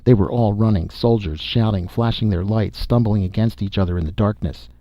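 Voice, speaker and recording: A man narrating a science fiction story in a steady, measured reading. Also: on the low side, no room sound. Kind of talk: audiobook narration. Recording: dull, lo-fi dry recording.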